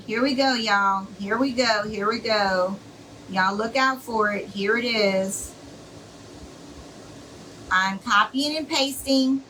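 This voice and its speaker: A chatty woman talks casually to viewers on a live stream, rambling and reassuring. Her voice sits a bit high and comes from slightly away from the mic, with a faint hum of room noise behind her. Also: bright, forceful tone, distant mic, poor audio. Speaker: craft seller hosting a live stream.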